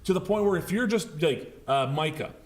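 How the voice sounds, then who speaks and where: A blunt, sarcastic man on a casual gaming podcast, his voice sitting a little high and swinging widely in pitch. He swears readily and argues his opinions hard. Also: expressive, moderate pace.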